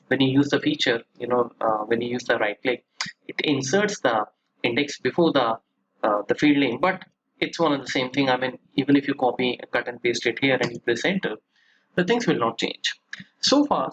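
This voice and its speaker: A man teaching a software tutorial over a screen recording, chatty and explanatory, often checking in with "right?" and stressing points with rising emphasis. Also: medium pitch, husky, muffled recording. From India. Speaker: software trainer.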